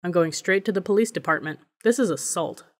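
A steady, defiant teenage boy who talks slowly and deliberately, voiced by a woman reading a storybook. He stays calm under threat. Her voice sits a little low for a woman. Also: lightly acted.

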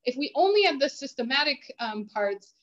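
A woman lecturer with a fairly high voice talks through course material. She leans on fillers and keeps asking "right?" as she explains. The recording sounds dull and lo-fi. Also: sing-song, normal speed, a bit bright. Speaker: university lecturer.

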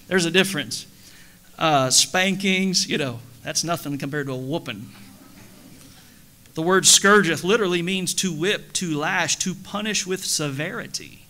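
A middle-aged man preaching from the pulpit, his voice sitting a little high with a bright, forceful edge. He keeps it conversational, throwing questions and jokes to the congregation. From United States. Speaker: pastor. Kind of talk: sermon. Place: church sanctuary.

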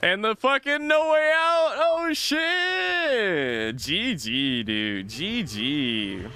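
High, lively, bright-voiced male streamer. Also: extremely slow, clear, resonant tone. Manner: swearing, laughing, freestyle nonsense rapping. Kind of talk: casual gaming livestream banter.

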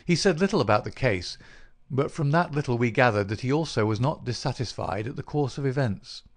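Man, audiobook narration, gravelly, mid pitch, measured. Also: lively intonation. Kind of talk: scripted narration.

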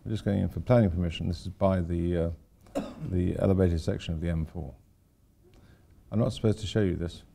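Gravelly low-voiced older man lecturing. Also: fairly even intonation, a little fast, mellow, a little hiss or hum. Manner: rambling, anecdotal, wry asides. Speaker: architect lecturer. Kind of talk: informal lecture.

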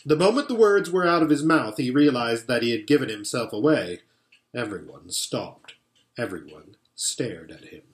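A pastor reading a storybook aloud in an expressive, animated way, in a roomy-sounding space. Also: male voice, mid-range voice, normal speed. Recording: roomy echo.

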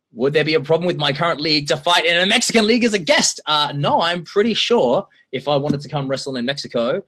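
A man hosting a livestream and answering viewer questions in a chatty, animated way, often laughing. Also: a little high, fairly quick. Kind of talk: casual chat.

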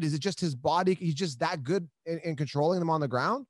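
Male podcast host, eager questioner, higher-pitched voice, dry sound, casual chat. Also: brisk, no echo. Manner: eager, asks leading questions, laughs easily.

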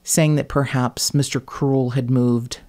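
Woman, podcast host, casual chat; animated, blunt, swears freely, laughs mid-sentence. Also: rumbling low, unhurried.

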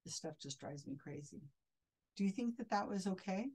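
A woman's voice: mid-range voice, lively intonation, moderate pace, mellow, slightly rough, rough recording. A woman commenting critically on a video clip as a skeptic, sounding indignant and often restarting her sentences.

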